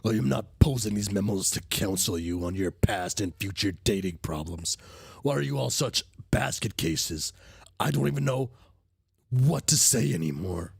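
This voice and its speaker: A man's voice: on the low side, animated, moderate pace, creaky, slightly rough, no room sound, clean studio sound, exaggerated voice. A sick man reading aloud as an irritable young male troll, ranting and insulting in an exasperated tone. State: sick, with a cough.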